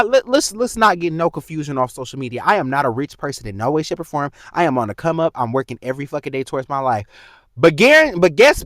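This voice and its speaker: Young man, 20s, heated profane rant, high animated voice, dry close sound. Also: no room sound. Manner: heated, profane, talks straight to the viewer. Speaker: vlogger. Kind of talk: casual storytime rant.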